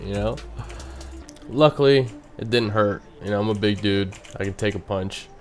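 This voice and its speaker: A man's voice: lowish voice, moderate pace, faint music behind. A young man, a bartender, casually telling a story and rambling with frequent "you know what I mean" asides.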